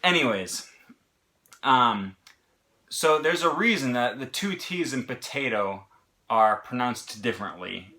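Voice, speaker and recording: A man's voice: medium pitch, expressive, unhurried, pushed and bright. A man with an American accent explaining pronunciation in a casual lesson, talking in short bursts with fillers and restarts. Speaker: language teacher.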